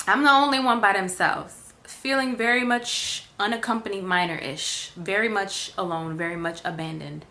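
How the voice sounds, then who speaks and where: A woman vlogger telling a casual storytime, chatty with lots of fillers, acting out quotes with big jumps in pitch. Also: moderate pace, sharp tone.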